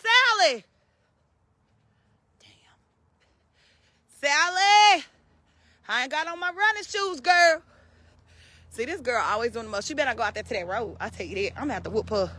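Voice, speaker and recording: A woman's voice: high-pitched, animated, moderate pace, long pauses, bright, forceful tone, no room sound. A woman calling and scolding her farm animals outdoors, as if they were naughty kids. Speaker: vlogger. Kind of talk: casual chat while calling farm animals.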